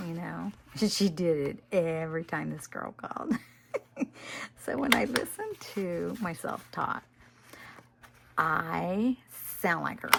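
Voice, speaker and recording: Woman, very gravelly voice, very slow unhurried talk, soft half-whispers, casual crafting chat. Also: on the low side, heavy background noise. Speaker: junk journal crafter.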